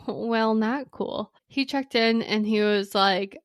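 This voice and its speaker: A young adult woman from Wisconsin hosting a podcast, telling a story in a chatty, casual way, full of "like" and quick side notes. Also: on the high side, no room sound, clean studio sound. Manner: chatty, lots of "like", quick asides and apologies. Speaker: podcast host.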